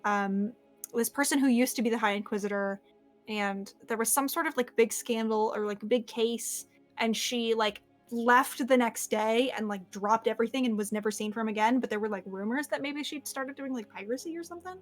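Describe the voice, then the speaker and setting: High-voiced chatty woman game master. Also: moderate pace, soft background music. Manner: chatty, filler-heavy, playful. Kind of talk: casual tabletop game narration.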